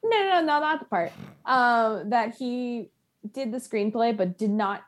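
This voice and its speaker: A woman co-hosting a podcast, animated and swearing freely in casual chat, often talking over the others. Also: on the high side, unhurried. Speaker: podcast co-host.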